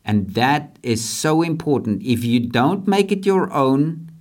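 Man on a leadership podcast, mid pitch, earnest and rambling, talks about faith. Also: expressive, takes it slowly, darkish tone. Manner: earnest, repetitive, with restarts. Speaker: podcast host. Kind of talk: casual motivational faith talk.

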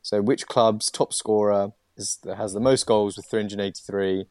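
A man's voice: fairly low pitch, steady tone, moderate pace, a little mellow, no room sound. A man hosting a casual sports podcast, chatty and laughing often, reading out quiz questions with plenty of ums. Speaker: podcast host and quizmaster.

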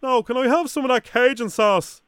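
An Irish man on a radio show, chatting fast and playing a fussy casting agent in a prank call. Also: extremely high pitch, fairly bright tone, a little hiss or hum.

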